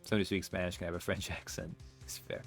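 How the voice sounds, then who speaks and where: A man's voice: sits low, flat delivery, rapid-fire, creaky, faint music behind. A man commenting on a video game with wry, self-mocking asides. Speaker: let's play streamer.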